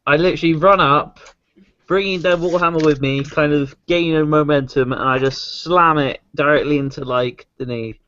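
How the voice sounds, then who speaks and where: Man, tabletop player, eager, chatty, higher voice, lo-fi sound. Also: steady tone, moderate pace, fairly bright tone. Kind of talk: casual tabletop play. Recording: muffled lo-fi mic.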